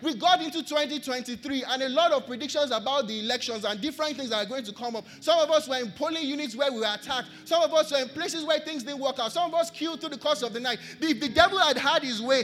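A man's voice: extremely high pitch, fast talker, few pauses, a bit bright. A Nigerian man preaching a sermon, earnest, returning again and again to repeated refrains. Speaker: pastor. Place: church.

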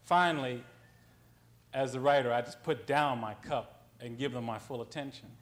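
A man's voice: mid-range voice, normal speed. A man on a panel, a writer, telling an anecdote in a conversational way, with frequent ums and self-corrections.

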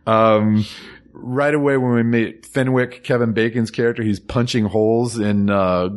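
A man's voice: mid-range voice, measured pace. A man in his forties co-hosting a podcast, chatting casually and a bit ramblingly about a movie. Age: 40s. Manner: relaxed, rambling, laughs often. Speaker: podcast co-host.

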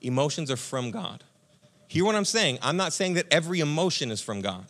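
A man pastor giving a conversational, energetic sermon, speaking to listeners as friends. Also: fairly high pitch, fairly quick.

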